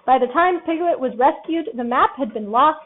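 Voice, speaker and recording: A woman narrating a children's storybook with a lively, expressive reading, on tinny phone-like audio. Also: high-pitched, normal speed. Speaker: storybook reader.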